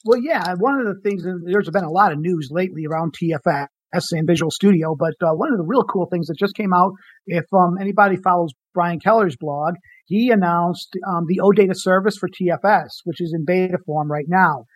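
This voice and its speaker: A man co-hosting a podcast, speaking in a relaxed, slightly hesitant way. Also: high-pitched, fairly quick, no echo, rough recording. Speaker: podcast co-host. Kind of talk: casual podcast chat.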